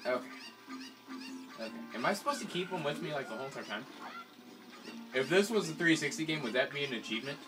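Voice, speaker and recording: A man casually commentating a video game he is playing, often excitable and given to sudden shouts. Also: on the high side, fast, pauses often. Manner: excitable, swings from mumbling to yelling. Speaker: let's play commentator. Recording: distant mic with loud game music.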